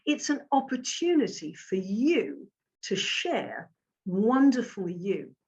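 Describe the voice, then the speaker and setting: Slow, emphatic woman coaching speaker. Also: mid-range voice, big pitch swings, a little mellow, muffled recording. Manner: emphatic, measured coaching delivery. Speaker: communication coach. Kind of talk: presentation talk to camera.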